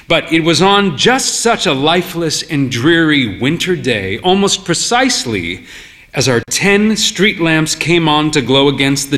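A man narrating a literary story in a wry, weary and measured way. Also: medium pitch, a bit bright.

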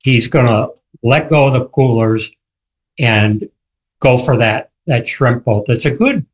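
A man who wrote the book, a guest on a radio interview, telling the story vividly and acting out quoted shouts. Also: mid-range voice, animated, unhurried, rough recording.

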